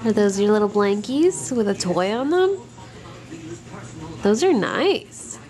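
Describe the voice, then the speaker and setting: A young woman, a mother filming her babies at home on a handheld camera, talks to them in gentle, cooing baby talk. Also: medium pitch, big pitch swings, takes it slowly. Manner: sing-song, cooing, gentle. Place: home living room.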